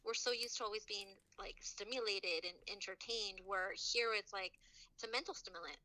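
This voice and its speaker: A woman's voice: medium pitch, fairly even intonation, normal speed, sharp tone, poor audio. A woman guesting on a podcast, speaking in a casual, reflective and earnest way.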